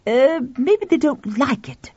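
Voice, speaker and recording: A woman reading the lines of an excitable, curious man in a story, her voice raised and urgent. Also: sits high, takes it slowly, no room sound, pitched above the performer's own voice, full character voice. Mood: alarmed. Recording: dull dry lo-fi recording.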